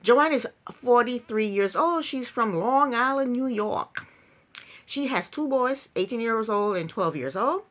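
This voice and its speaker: A woman's voice: fairly high pitch, animated, unhurried, fairly bright tone. A woman giving a casual, sarcastic recap of a reality show, laughing often. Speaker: TV recap youtuber.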